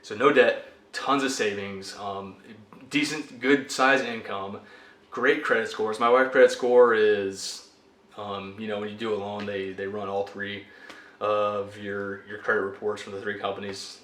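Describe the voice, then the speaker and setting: A man's voice: on the low side, little pitch movement, moderate pace, fairly bright tone. A young American man in the military ranting about his frustrations in a personal vlog, exasperated and fed up. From United States. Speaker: vlogger. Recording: echoey room.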